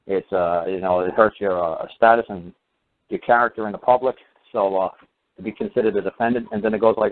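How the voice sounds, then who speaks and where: A man telling a long story in a casual, rambling way, full of fillers and acted-out quotes. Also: lowish voice. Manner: rambling, many fillers, acts out quoted voices. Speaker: speaker giving recorded teachings. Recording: tinny phone-line sound.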